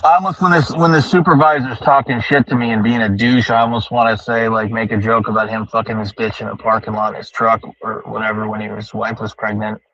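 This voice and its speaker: On a livestream from his car during the drive home, a man rambles and rants to his chat, profane and thinking aloud in a loose monologue. His lowish voice is flat and sharp-toned, fairly quick with few pauses, captured in lo-fi sound.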